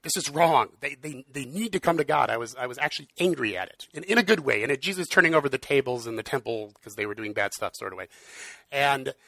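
A man's voice: mid-range voice, gravelly, pushed and bright, no room sound. A man preaching in an earnest, conversational way, with frequent fillers. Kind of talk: casual sermon.

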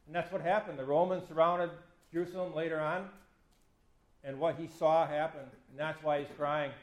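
A man's voice: on the high side, echoey room. A man in his fifties, a pastor giving a conversational sermon that acts out quoted speech with a self-deprecating touch. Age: 50s. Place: church.

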